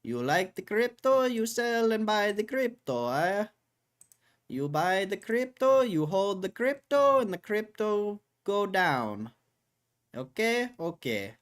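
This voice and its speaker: Guy doing a silly crypto hustler, raised pitch, vague fake accent, broken English. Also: sing-song, a little slow, hardly any pauses. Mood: mock salesy. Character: goofy male crypto salesman with a vague foreign accent.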